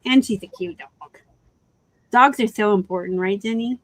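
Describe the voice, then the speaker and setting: A woman's voice: medium pitch, moderate pace, no room sound, poor audio. A woman hosting a casual live-stream chat about reselling, rambling through asides and laughing often over a video call.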